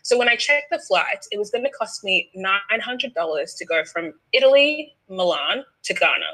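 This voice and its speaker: A young Australian woman telling a story in casual chat, animated and laughing often as she acts out the people in it. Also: medium pitch, moderate pace, poor audio.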